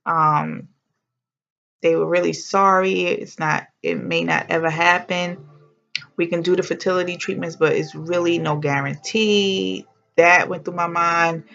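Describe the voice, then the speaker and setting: Woman vlogger, casual story, gravelly fry, muffled lo-fi sound. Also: fairly low pitch, fairly even intonation, measured pace, fairly bright tone. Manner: chatty and heartfelt, with exclamations and slang.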